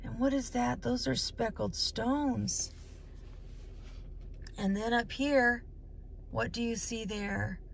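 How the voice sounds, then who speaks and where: With a fairly high, gravelly voice, a storytime host reads a picture book to small children in a slow, sing-song manner, peppering them with questions. There's slight background noise in the recording.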